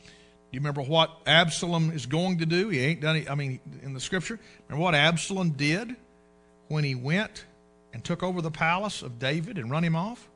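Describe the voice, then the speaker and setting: A man preaching a sermon, folksy and animated, acting out the voices in the scripture he reads. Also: fairly high pitch, fairly quick. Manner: animated preaching, acts out quoted speech, folksy.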